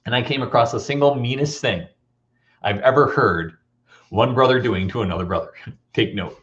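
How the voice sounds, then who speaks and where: A man giving a motivational talk, telling comic stories in an animated, playful way. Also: mid-range voice, moderate pace, lo-fi sound. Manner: animated storytelling, playful and teasing. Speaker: motivational speaker.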